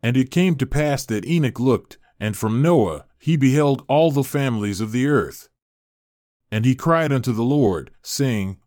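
A man reading scripture in a measured, solemn narration at a middle pitch. The recording is dry and close, with no room echo around the voice. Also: expressive, a little mellow. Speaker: scripture reader.

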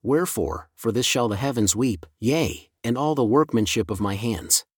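A man's voice: medium pitch, lively intonation, breathy edge, no echo, clean studio sound. A man reading as a stern, grieving eternal God. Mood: solemn. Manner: solemn, measured scripture reading.

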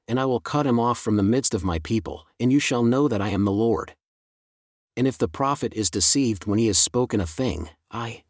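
A man reads scripture aloud at a measured, steady pace, easing off on the solemn refrains. His voice sits at an ordinary middle pitch. The sound is close and dry, with no room around it. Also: no echo. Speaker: Bible reader. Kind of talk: scripture reading.

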